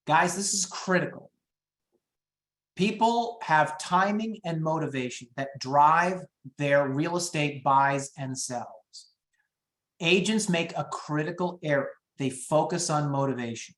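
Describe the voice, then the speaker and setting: A man coaching real estate agents on phone scripts, talking fast and upbeat and acting out the calls. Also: a bit bright, reverberant. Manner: high-energy, quick, acts out phone calls. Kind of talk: teaching sales scripts in a webinar.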